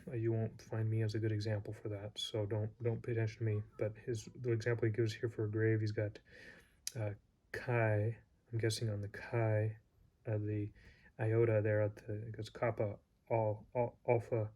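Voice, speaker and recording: A man's voice: lowish voice, completely flat delivery, moderate pace, mellow. A man teaching a casual lesson, rambling and hesitant with many fillers and restarts. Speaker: Greek teacher.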